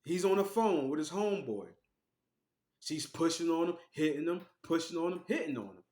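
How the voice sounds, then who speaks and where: A man giving casual, animated storytelling commentary as an online vlogger. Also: on the high side, normal speed, echoey room. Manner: animated, acts out quoted voices.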